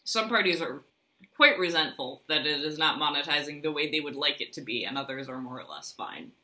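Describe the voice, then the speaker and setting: Wry woman cohosting a podcast, dry quick asides, lowish bright voice. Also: expressive. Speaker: podcast co-host. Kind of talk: casual podcast chat.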